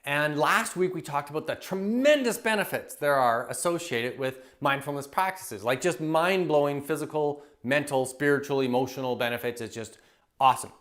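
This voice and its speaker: A man working as a happiness coach, giving an enthusiastic, animated teaching talk to camera and acting out everyday scenes. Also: a little high, moderate pace, few pauses. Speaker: happiness coach and public speaker.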